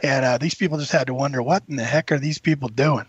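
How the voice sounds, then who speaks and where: A man guesting on a podcast, chatting in a relaxed way and laughing easily, heard over a dull remote line. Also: mid-range voice, fast talker, husky, no room sound. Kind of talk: casual chat.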